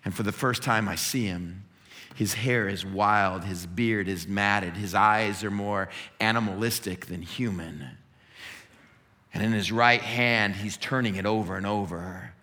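A man's voice: fairly low pitch, a little slow, sharp tone, big-room sound. A man preaching a sermon, retelling a scene in vivid, dramatic detail. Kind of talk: sermon storytelling.

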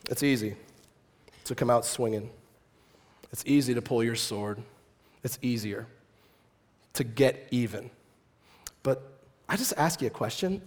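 A middle-aged male pastor preaching a casual, joking sermon that swings from quiet reflection to loud, emphatic bursts. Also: mid-range voice, unhurried, pauses often.

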